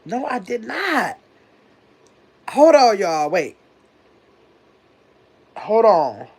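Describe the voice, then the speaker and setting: A slightly rough, medium-pitched woman's voice, very animated yet extremely slow, hosts a casual livestream. A little under the weather and recovering from illness, she reads viewer comments aloud and sorts out a phone number, chatty and distracted, calling her audience "y'all."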